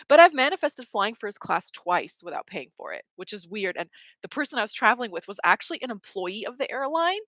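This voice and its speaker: Here a livestream host chats casually, spinning a meandering tale stuffed with "like" and broken up by laughter. Her mid-range voice is sing-song and fairly bright, moving a little fast, in a dry recording.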